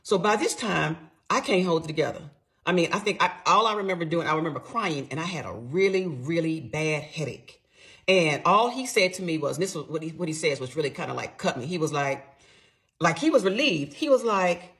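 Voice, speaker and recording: A woman's voice: low voice, a little fast. A middle-aged woman telling a personal story in a casual monologue, emphatic and blunt, with some swearing. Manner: animated, emphatic retelling, blunt and profane.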